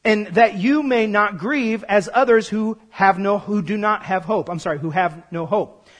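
A man preaching a sermon, emphatic and repetitive, swinging from quiet explanation to loud declarations. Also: sits high, moderate pace. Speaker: pastor.

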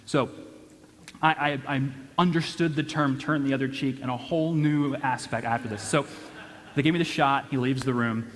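A young man tells a funny story to an audience, animated and self-deprecating, with many false starts. His voice sits mid-range. It carries a long reverb from a big hall. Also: mid-range voice, normal speed. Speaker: church speaker.

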